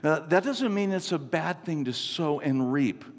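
A man in his fifties preaching a sermon, an animated, self-mocking storyteller. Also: a little high, measured pace. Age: 50s. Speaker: pastor. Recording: long reverb from a large hall.

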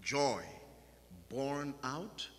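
A man preaching a sermon in a church, swinging from loud exclamations to hushed, drawn-out lines. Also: mid-range voice, lively intonation. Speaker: pastor. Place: church sanctuary. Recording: long church hall reverb.

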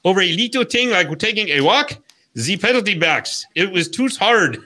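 A man's voice: high-pitched, very animated, bright, forceful tone, pitched above the performer's own voice, full character voice. A man voicing a cocky comic hockey player in a heavy put-on French-Canadian accent, drawn out and theatrical. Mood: indignant. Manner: slow, exaggerated, theatrical delivery.

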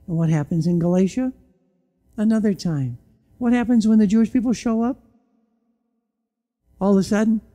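A pastor preaching in church with a mellow, warm tone at a middling pitch. The delivery is animated, full of pointed rhetorical questions, with sudden drops to a hushed low voice for emphasis. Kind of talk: sermon.

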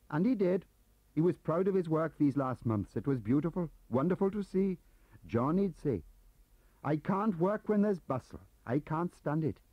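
A man's voice: sits high, no room sound, voice pushed up, heavily acted. A man voicing a fawning, anxious Welsh clerk with a pleading, sing-song voice. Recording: muffled tape audio.

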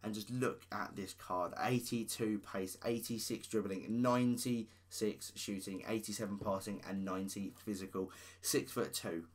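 A man's voice: lowish voice, fairly even intonation, moderate pace. A man giving casual gaming commentary, rattling off player stats with enthusiasm. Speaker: gaming YouTuber.

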